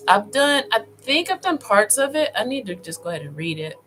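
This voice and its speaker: A woman vlogger talking casually as she browses online, thinking aloud with many pauses and fillers, and speaking directly to her viewers. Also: a little high, big pitch swings, a bit bright, soft background music, rough recording. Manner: addresses viewers informally.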